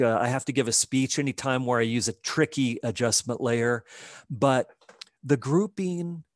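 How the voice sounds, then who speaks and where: A man teaching a live digital painting demo, explaining his steps in a relaxed way as he works. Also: medium pitch, no room sound, clean studio sound. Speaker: art instructor.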